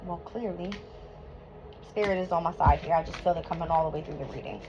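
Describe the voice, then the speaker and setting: A woman giving a live tarot reading to her viewers, emotional and quick to swear and laugh, hot and sweating in a room at home. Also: lowish voice, background noise. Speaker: tarot reader. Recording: dull lo-fi recording with music behind.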